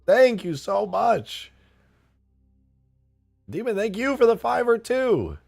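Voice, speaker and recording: Young male streamer, gravelly fried voice, wildly swooping pitch, hyped and cursing while reading tips, faint music behind. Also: slow. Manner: excitable, swearing, laughing between lines. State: straining a tired voice. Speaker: streamer and game modder.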